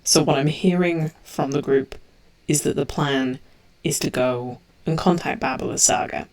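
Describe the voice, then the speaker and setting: A woman's voice: a bass voice, lively intonation, measured pace, gravelly, a little mellow. A woman running a tabletop game as game master, asking the players plain, matter-of-fact questions.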